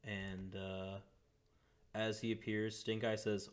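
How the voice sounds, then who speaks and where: A man narrating as dungeon master, relaxed, with chuckling asides. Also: lowish voice, slow pace, clear, resonant tone. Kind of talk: narrating a tabletop game.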